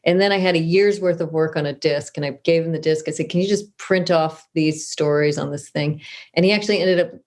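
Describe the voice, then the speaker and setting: A middle-aged author from Southern California tells stories as a guest in a casual, conversational interview, chatty and self-deprecating, restarting her sentences often. Her voice is low-pitched and a little mellow, and she speaks a little fast.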